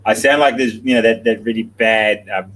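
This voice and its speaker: A man's voice: lowish voice, steady tone, normal speed, background noise. A man co-hosting a casual morning livestream, laid-back, mumbling a little and chuckling at himself. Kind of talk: casual chat.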